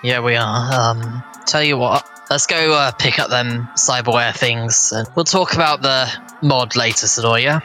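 A man playing a tabletop game, easygoing and quiet. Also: mid-range voice, unhurried, hardly any pauses, faint music behind. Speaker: player.

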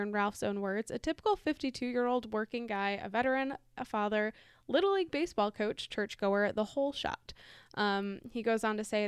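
A woman's voice: mid-range voice, smooth, dry recording, studio quality. A woman co-hosting a casual podcast, reading ghost stories aloud in a chatty way, laughing easily and correcting herself. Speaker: podcast co-host.

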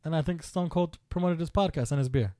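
A man's voice: a little high, quick pace, dry recording, studio quality. A man co-hosting a casual podcast chat, retelling stories and acting out quotes. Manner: animated storyteller, acts out quotes. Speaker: podcast co-host.

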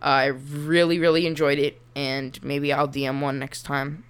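A woman with a low voice co-hosts a chatty podcast. She jokes around and rambles, breaking into giggles as she goes. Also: level tone, unhurried, smooth. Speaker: podcast co-host. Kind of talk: casual chat. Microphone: remote call mic.

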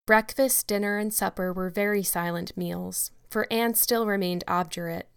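A woman narrating a classic novel as an audiobook in a measured, steady way. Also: medium pitch, creaky, clean tone. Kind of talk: scripted narration.

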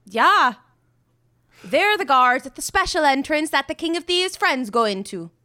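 Girl doing a cocky rogue lady talking her way past guards, highish bright voice, dry close mic. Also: animated, a little slow, no room sound, heavily acted. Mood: smug bluffing. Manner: glib, needling, confidently argumentative. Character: brash smooth-talking female rogue bluffing guards.

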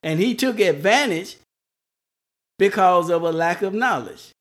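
A man preaching a sermon, slow and repetitive, restarting words for emphasis. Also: high-pitched, lively intonation, a bit bright.

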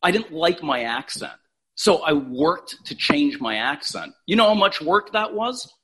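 A husky man with a high, lively voice who talks emphatically and swears freely. He comes across as a casual, animated podcast guest with big rises and falls in his pitch. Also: a little slow. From Canada. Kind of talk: animated motivational talk.

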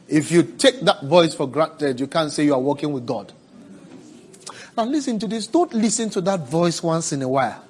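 A man preaching a sermon, asking the congregation for responses and swinging from hushed, drawn-out words to loud cries. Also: on the high side, expressive, husky. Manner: preaching with call-and-response, swelling to shouts.

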